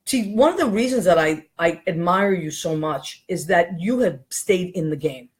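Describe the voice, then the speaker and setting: A woman from Boston hosting a casual chat show, effusive and quick to laugh. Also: lowish voice, animated. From Boston, Massachusetts. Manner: chatty, effusive, laughs often. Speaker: host.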